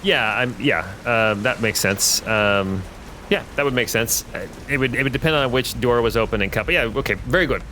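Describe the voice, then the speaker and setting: A man's voice: medium pitch, moderate pace, pushed and bright, a little hiss or hum. A man narrating as game master of a tabletop adventure, describing scenes with frequent hesitations and fillers.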